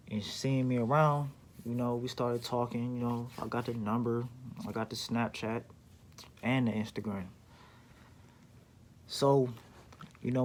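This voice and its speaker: A man's voice: mid-range voice, darkish tone. A young man casually telling a story from his life, with a laid-back slangy manner and lots of fillers.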